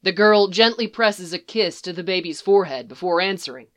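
A woman reading fan fiction aloud in a soft, even storytelling manner. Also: on the low side, a little fast. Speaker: reader.

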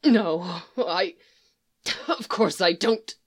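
A woman voicing a tender-hearted young male faun in a storybook reading, speaking in halting, broken-off phrases. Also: medium pitch, animated. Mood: tearful.

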